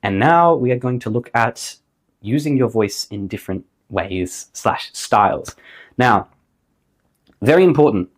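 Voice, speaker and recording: A man teaching a singing lesson in a casual, chatty way. His voice sits at an ordinary mid pitch, and he slips in playful jokes about himself as he explains how to change vocal tone. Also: expressive, measured pace. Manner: demonstrates singing tones between explanations.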